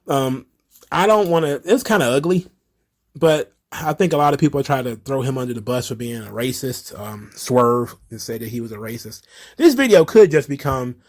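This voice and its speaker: A man hosting a casual commentary video, reading tweets aloud and mocking them with laughter and profanity. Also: medium pitch. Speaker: commentary channel host.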